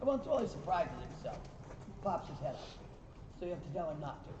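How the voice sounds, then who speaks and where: Far-off riding instructor in an echoey arena. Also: male voice, fairly high pitch, very animated, very fast, background noise. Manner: calls encouragement and corrections to riders and horses. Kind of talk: riding lesson coaching. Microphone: recorder far from the speaker. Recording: distant, echoey, dull recording.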